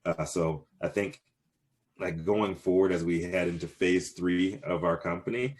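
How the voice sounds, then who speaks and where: A man's voice: sits low, fairly even intonation, a little slow, a little mellow. A man in his thirties answering interview questions casually, rambling with many fillers and restarts. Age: 30s. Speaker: cannabis business owner, guest.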